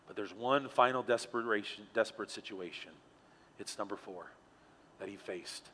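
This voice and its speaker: Male pastor, sermon, animated storyteller; bright tone, long hall reverb. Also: fairly low pitch, moderate pace. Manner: animated, storytelling, drops quiet for emphasis.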